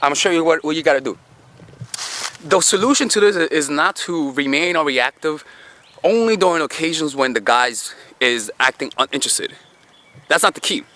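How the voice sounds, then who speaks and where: A man's voice: fairly high pitch, expressive, normal speed, bright, forceful tone. A man giving dating advice in a casual monologue, talking in a conversational way with swearing and lots of rhetorical questions. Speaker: dating coach.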